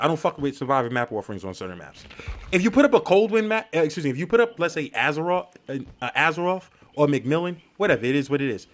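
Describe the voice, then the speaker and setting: A young man streaming a game and ranting to his chat, animated and profane as he talks. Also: on the high side. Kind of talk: live-stream gaming commentary.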